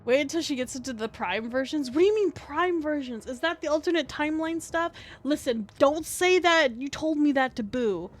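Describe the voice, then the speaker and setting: This streamer, a weary woman with a scratchy throat, chats casually while gaming, wandering on with lots of fillers, cursing freely and poking fun at herself. She speaks high, with lively intonation, at normal speed and few pauses.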